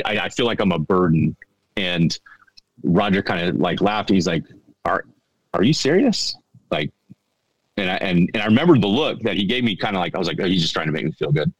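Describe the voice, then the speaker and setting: A middle-aged man telling a story on a podcast in a halting, earnest way, often repeating his words. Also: low voice, dry recording, low-quality recording. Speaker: podcast guest. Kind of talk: casual storytelling.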